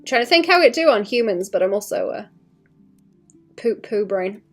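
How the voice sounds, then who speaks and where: Woman, husky breathy voice, casual rambling stream talk, thinking aloud, faint music behind. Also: mid-range voice, lively intonation, moderate pace. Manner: rambling, thinking aloud, playful sound effects. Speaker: artist streaming her drawing. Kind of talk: casual livestream commentary while drawing.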